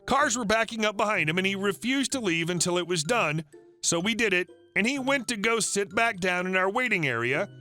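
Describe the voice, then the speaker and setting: Man, story narrator, scripted reading, bright tone, very lively pitch. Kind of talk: scripted narration of online stories.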